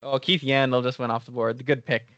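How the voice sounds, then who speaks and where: An easygoing man chatting on a podcast, reacting quickly and laughing briefly now and then. His voice has a middle pitch, and the recording sounds a little dull and dry. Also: fairly even intonation, fairly bright tone, no echo. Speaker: podcast co-host. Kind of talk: casual fantasy draft chat.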